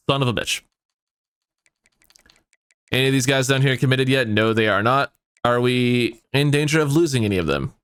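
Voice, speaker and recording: A man commenting on his own football video game dynasty, excitable and swearing often as his mood swings between hype and outrage. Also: medium pitch, smooth, no room sound, clean studio sound. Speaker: gaming YouTuber. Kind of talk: let's play commentary.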